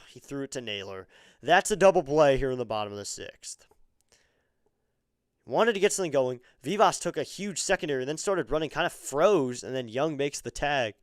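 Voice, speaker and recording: A man calls a baseball game live for his stream audience in a smooth, resonant voice. His talk is chatty and easygoing, and it turns excitable on the big plays. The sound is dry and close. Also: medium pitch, dry recording. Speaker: fan streamer calling the game. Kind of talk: live fan play-by-play commentary.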